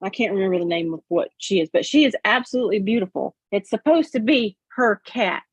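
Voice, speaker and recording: A woman's voice: medium pitch, expressive, fairly quick, husky, no room sound. A woman hosting a casual sewing livestream, encouraging her guest and chatting with viewers. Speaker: livestream host.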